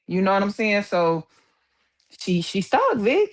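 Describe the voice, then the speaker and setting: A woman's voice: medium pitch, sing-song, measured pace. A woman joining a livestream as a guest, giving emphatic casual gossip commentary and driving her points home by repeating them.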